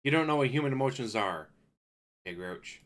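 A man's voice: mid-range voice, expressive, moderate pace, noisy background. A man hosting a reaction video, talking in a sarcastic, mocking way and swearing now and then. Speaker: reaction channel host.

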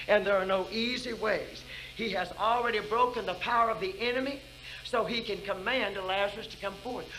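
An older woman preaching at a church revival meeting. She calls out questions to the congregation and swings between loud exhortation and hushed intensity. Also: mid-range voice, rough recording. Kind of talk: fervent preaching.

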